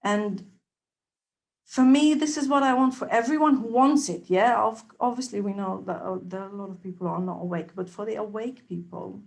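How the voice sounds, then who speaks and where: Woman telling her own story, lively, goes quiet then punchy, middle pitch. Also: normal speed, vocal fry. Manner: animated, acts out dialogue, loudness swings between soft and emphatic. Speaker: trainee observer giving a testimonial. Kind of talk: personal storytelling.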